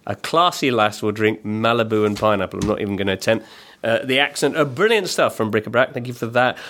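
A man's voice: fairly low pitch, fast talker, fairly bright tone, slight background noise. Chatty man hosting. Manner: chatty, self-deprecating, reads listener posts. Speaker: podcast host. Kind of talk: casual football podcast chat.

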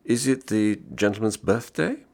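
Man doing an old Swiss porter, courteous and formal, deep and gravelly. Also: normal speed, darkish tone, lightly acted. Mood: polite. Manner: courteous, formal, slightly foreign-sounding English. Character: old male Swiss hotel porter, polite.

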